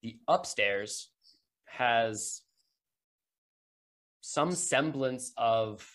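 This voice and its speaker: A game master narrating a tabletop game on a podcast, casual and halting with many fillers. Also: medium pitch, lively intonation, a bit bright. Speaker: dungeon master.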